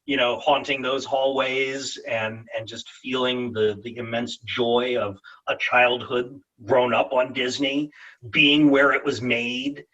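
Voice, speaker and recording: A man's voice: mid-range voice, level tone, takes it slowly, bright, forceful tone, far from the mic, lo-fi sound. A man, a voice actor guest, telling stories animatedly in a casual interview over a video call and slipping into character voices.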